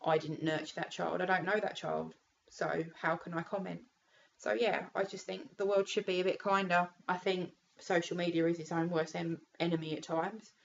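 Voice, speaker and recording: A woman's voice: lowish voice, flat delivery, moderate pace, gravelly, dull audio, a little hiss or hum. A British woman and mum vlogging candidly, tearful and raw, talking frankly with lots of fillers and some swearing. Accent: British English. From United Kingdom. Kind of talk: candid casual vlog.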